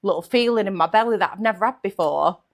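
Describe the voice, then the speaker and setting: A young woman tells her story as an interview guest. She is blunt and jokey, swears freely and slips into quick quoted asides. She is pregnant. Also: mid-range voice. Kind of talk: casual interview chat.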